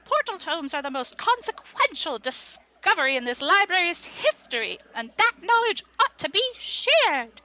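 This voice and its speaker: A woman voicing a preachy female talking book who rants in a shrill voice. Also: sing-song, normal speed, few pauses, pushed and bright, full character voice. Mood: indignant. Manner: ranting, indignant.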